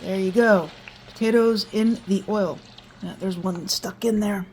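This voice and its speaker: A woman's voice: mid-range voice, fairly even intonation, measured pace, a little mellow, slight background noise. A middle-aged woman chatting in a folksy way as she cooks in her home kitchen, with reminiscing asides. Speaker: home cooking vlogger. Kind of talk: casual cooking vlog.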